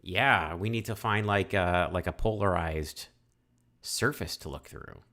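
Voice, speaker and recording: A man's voice: deep voice, measured pace, sharp tone. A man hosting a casual game playthrough, reading game text aloud and musing with fillers as he goes. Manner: chatty, musing, many fillers and restarts. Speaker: let's-play host.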